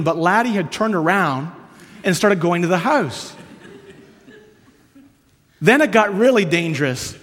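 A man from Canada preaching a sermon, earnest and storytelling, moving between hushed and emphatic. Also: sits high. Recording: long hall reverb.

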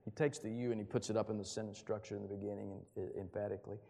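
A middle-aged man preaching a sermon, emphatic, with booming rises when he quotes scripture. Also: flat delivery, racing, creaky, mellow. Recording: long hall reverb.

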